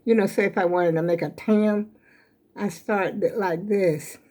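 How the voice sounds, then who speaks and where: A woman's voice: medium pitch, fairly even intonation, a little slow, darkish tone. An older woman, chatting casually and rambling folksy to her viewers at home while a little out of breath. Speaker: vlogger showing her crochet. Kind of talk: casual chat to camera.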